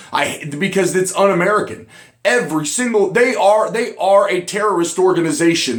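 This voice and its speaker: A man delivering a ranting online commentary, angry and profane, often breaking into shouts. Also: a little high, roomy sound.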